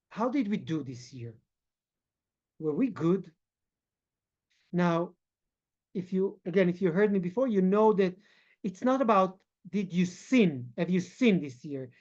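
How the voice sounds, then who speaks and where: A man giving a spiritual teaching, explaining patiently and checking in with listeners by often asking "okay?", with pauses and restarts. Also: sits high, a little mellow. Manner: checks in with a frequent questioning "okay?"; halting, with many fillers and restarts. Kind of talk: explanatory talk. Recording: dull lo-fi recording.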